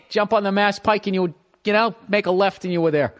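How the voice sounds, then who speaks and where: A man's voice: high-pitched, a little fast. Profane Boston man rambling. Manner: profane, animated storyteller. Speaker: podcast host. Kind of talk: rambling comedic monologue.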